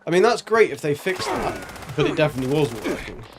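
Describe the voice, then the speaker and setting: A man's voice: on the high side, very animated, quick pace, noisy background. A man streaming a video game, chatting casually and rambling with jokes and silly sound effects. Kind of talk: casual gameplay commentary.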